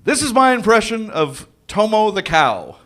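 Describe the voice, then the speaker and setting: A man's voice: sits high, big pitch swings, fairly bright tone, a little hiss or hum. A man doing a rambling, self-deprecating stand-up set on an open-mic stage. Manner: slow, rambling, self-deprecating delivery in a cow costume. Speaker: stand-up comic. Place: comedy club stage.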